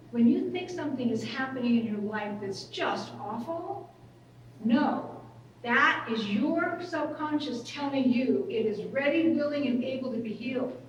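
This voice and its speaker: A woman giving a conversational workshop talk, relating stories to the room in a slightly raised pitch. She sounds distant from the microphone, and the conference hall rings with heavy echo. A clear hum of room ambience sits under her voice. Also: lively intonation, measured pace, dull audio. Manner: conversational, acts out quoted voices. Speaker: workshop speaker. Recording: echoey hall, far from mic, room noise.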